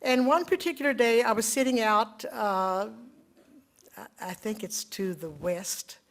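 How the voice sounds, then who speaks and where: An older woman giving a talk to a spiritual group, telling a personal story in an earnest, reflective way that drops quiet and then rises again. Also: a little high, a little slow. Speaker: speaker at a devotional meeting.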